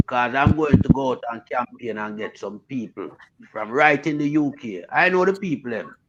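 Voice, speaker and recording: A man's voice: medium pitch, expressive, moderate pace, slight background noise. A man with a Jamaican accent chatting casually in patois during an online group audio chat. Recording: dull lo-fi audio.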